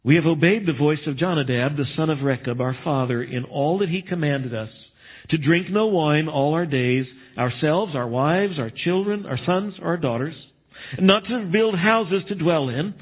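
A man's voice: fairly high pitch, lively intonation, normal speed, breathy edge. A man preaching a sermon, reading scripture aloud and explaining it with emphasis. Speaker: pastor. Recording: tinny phone-like sermon recording.

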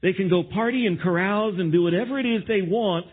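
A pastor preaches in a lively sermon voice, slipping into other voices to act out what people say. His voice sits high and a little husky. The audio is thin and tinny, like it came over a phone line. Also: a little fast.

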